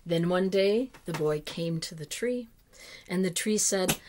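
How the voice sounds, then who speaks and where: A woman reading a children's picture book aloud, slow and expressive, sometimes dropping to a hush. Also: lowish voice, slight background noise. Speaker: children's story reader.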